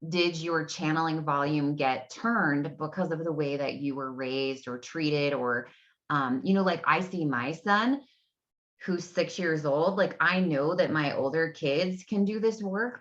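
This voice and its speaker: A woman in her thirties, an energy healing coach, talks casually to camera from a room in her home, rambling to her audience with plenty of filler words. Her voice sits low and is slightly bright, and the recording is lo-fi. Dogs bark in the background.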